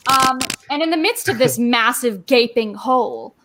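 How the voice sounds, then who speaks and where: A woman narrating as game master of a tabletop game, giggling and halting with many fillers. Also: on the high side, expressive, a bit bright.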